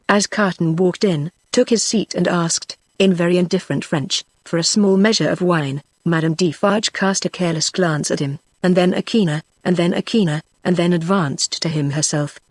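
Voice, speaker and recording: A woman's synthetic text-to-speech voice with a British accent, giving a steady, even audiobook narration. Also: lowish voice, no echo. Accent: British English. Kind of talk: scripted narration.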